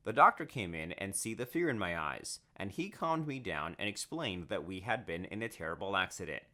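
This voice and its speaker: A man narrates an animated story in the first person, with a lively, animated telling. His voice sits on the low side, yet it sounds bright and crisp. The pitch swings widely from line to line. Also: fairly quick, few pauses.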